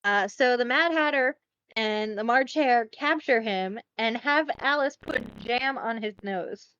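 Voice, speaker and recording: A woman's voice: a little high, unhurried, smooth, dry recording, lo-fi sound. Chatty, profane woman podcast host. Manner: chatty, profane, animated retelling. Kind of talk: casual podcast recap.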